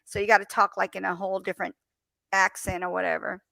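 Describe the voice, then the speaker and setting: Animated woman, bright gravelly voice. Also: medium pitch, quick pace, no echo. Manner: animated storyteller, acts out phone calls. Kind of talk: casual chat.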